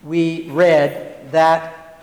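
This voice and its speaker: A man preaching a sermon at an unhurried pace, with emphatic repetitions and casual asides to the listeners. His voice sits a little high for a man. The recording carries the long, roomy reverb of a church sanctuary. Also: flat delivery, a little mellow. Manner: slow and deliberate, with emphatic repetitions; conversational asides to the congregation.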